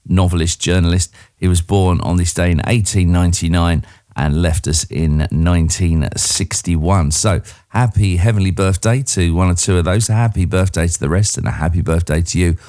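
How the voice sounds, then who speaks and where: A man's voice: low-pitched, moderate pace, a little mellow, no echo, clean studio sound. A man presenting on the radio in a casual, chatty way, with frequent ums and uhs as he reads through the day's birthdays.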